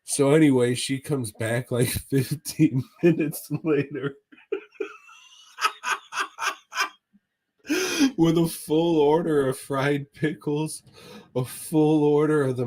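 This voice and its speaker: Slow-talking, swearing man telling a story. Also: medium pitch, darkish tone. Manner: laid-back, swears a lot, laughs while telling a story. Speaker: podcast co-host. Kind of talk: casual chat, profane storytelling.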